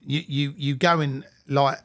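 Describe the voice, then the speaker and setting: A man hosting a podcast, asking halting interview questions. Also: medium pitch, fairly even intonation, fairly bright tone. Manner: brief reactions, halting questions. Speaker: podcast host.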